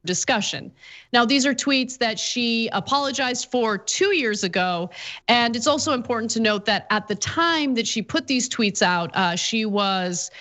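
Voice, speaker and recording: A woman's voice: on the high side, animated, measured pace, a bit bright. A woman co-hosting a talk show, reading out news items with wry, hesitant asides.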